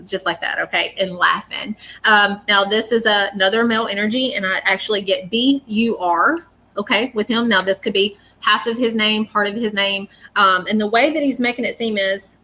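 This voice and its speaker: A woman's voice: medium pitch, pushed and bright. A woman giving a live psychic reading, earnest and reassuring, often repeating her words. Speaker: psychic medium.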